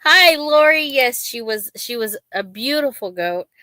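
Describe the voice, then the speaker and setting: In a dry recording, a woman with a fairly high, animated, pushed and bright voice speaks at a measured pace. She's hosting a casual livestream chat, rambling with plenty of ums and talking openly and emotionally about her feelings while staying chatty.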